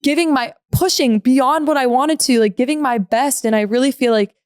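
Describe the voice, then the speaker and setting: A woman's voice: high-pitched, a little mellow, dry recording, studio quality. A young woman guest sharing a personal story in a sincere, casual way. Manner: sincere, quick, laughs at herself. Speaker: podcast guest. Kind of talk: casual testimony.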